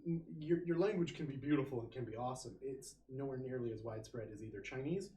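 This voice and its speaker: A man's voice: medium pitch, fast talker, warm tone. A man from Utah, a podcast guest, chatting casually and emphatically. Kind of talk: casual chat. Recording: distant echoey room mic.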